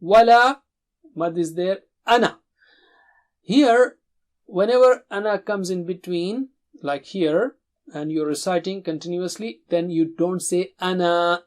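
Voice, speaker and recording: A man teaching Quran recitation in English, speaking patiently and drawing out words slowly for learners to repeat, with chanted recitation of verses. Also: high voice, a little mellow. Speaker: tajweed teacher.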